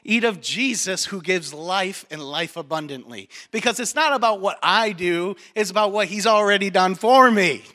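A male pastor delivers a sermon in a high, bright, forceful voice. He is animated and jokey and tells stories straight to his congregation in a church. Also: normal speed, few pauses. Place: church sanctuary.

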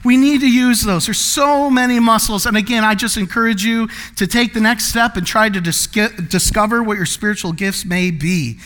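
A man preaching a sermon, his voice pitched high for a man. He keeps it light and playful, slipping into quick comic voices to make his points. His tone is bright and forward throughout. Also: fairly even intonation. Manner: laughs often between points. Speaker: pastor.

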